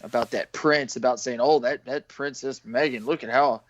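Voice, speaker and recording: A man's voice: mid-range voice, fairly even intonation, moderate pace. A man chatting casually on a podcast who speaks his mind freely. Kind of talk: casual chat. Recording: dull lo-fi sound.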